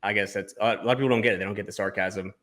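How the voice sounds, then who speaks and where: A man's voice: on the low side, fairly even intonation, racing, a bit bright. A man hosting a casual podcast conversation, blunt, sarcastic and profane. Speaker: podcast host.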